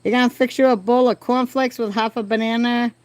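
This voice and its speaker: Holding her phone by a bedroom window, a middle-aged woman runs a relaxed home livestream, chatting away and laughing at her own tales. Her pitch is fairly high, her tone steady, and she talks fairly quickly.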